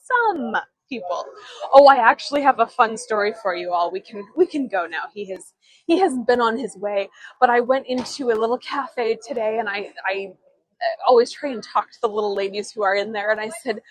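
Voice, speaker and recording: A high-voiced woman from Chicago guides a live-streamed walking tour outdoors. She chats and giggles and drifts into storytelling asides. Her voice comes through a phone mic with dry, close sound. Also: moderate pace, no room sound, poor audio. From Chicago, USA. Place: outdoors on city streets.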